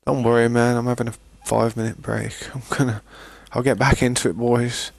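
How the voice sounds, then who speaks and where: A British man streams a game live, giving casual commentary and chatting with viewers, whom he calls "mate" and "boys," often restarting his sentences. His mid-range voice is level and brisk with vocal fry, and there's no echo in the recording.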